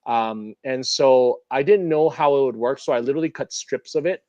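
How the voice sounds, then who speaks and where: A man's voice: mid-range voice, normal speed, darkish tone, no echo, lo-fi sound. A man from Canada, a guest in a casual interview, talking animatedly with lots of fillers. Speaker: interview guest, model builder.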